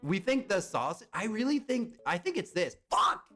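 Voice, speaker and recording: A young man hosts a casual live stream, talking straight to his viewers and answering their comments. His voice sits a little high and swings a lot. Quiet music runs in the background. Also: moderate pace. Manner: animated, chatty, reads and answers chat.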